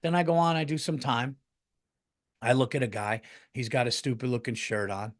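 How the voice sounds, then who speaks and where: A middle-aged man hosting a comedy podcast, telling stories in a casual, animated way, swearing freely and jumping into loud acted-out quotes. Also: medium pitch, moderate pace.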